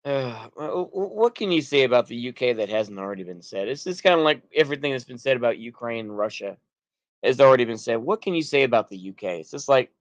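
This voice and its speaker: A man's voice: mid-range voice, expressive, fast, no echo. Rambling Texan man, slightly drunk-sounding. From United States. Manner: loose, rambling, restarts and trails off. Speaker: streamer. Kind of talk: rambling livestream talk reacting to chat.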